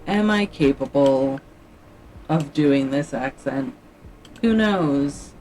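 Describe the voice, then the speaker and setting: A woman's voice: extremely low pitch, animated, slow pace, mellow, poor audio. A woman livestreaming her writing session, muttering and thinking aloud to her viewers in casual chat, with faint music playing behind her. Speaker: livestreamer doing writing sprints.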